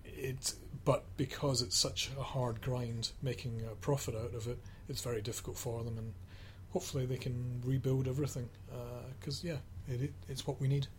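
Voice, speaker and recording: A man's voice: medium pitch, flat delivery, moderate pace, few pauses, slight background noise. A man chatting on a radio football panel in an easygoing, rambling way with many fillers. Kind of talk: casual radio chat.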